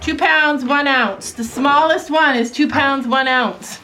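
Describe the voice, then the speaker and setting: A woman's voice: sits high, slow, hardly any pauses, sharp tone, a little hiss or hum. A woman in her thirties chatting and giggling to viewers while doing chores outdoors in a snowy farm pen, recorded on a handheld camera. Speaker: farm vlogger. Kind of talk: casual vlog chat.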